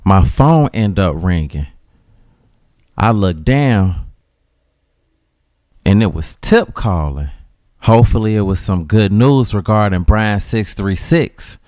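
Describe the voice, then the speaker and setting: A man with a Chicago accent narrating a dramatic story in a slangy, casual way with dramatic pauses. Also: lowish voice, animated, darkish tone, dry recording, clean studio sound.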